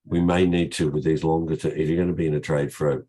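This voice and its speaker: An older man with a croaky voice from a cold, hosting a casual trading session over a video call, chatty and rambling with frequent restarts. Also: rumbling low, level tone, quick pace, dark tone.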